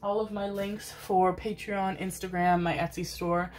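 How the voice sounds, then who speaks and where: A woman's voice: mid-range voice, level tone, unhurried, a little mellow, faint music behind. A woman giving a casual tarot reading to the camera, affectionate and rambling, calling her viewers "my babies". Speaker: tarot reader. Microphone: desk microphone, seated in a chair.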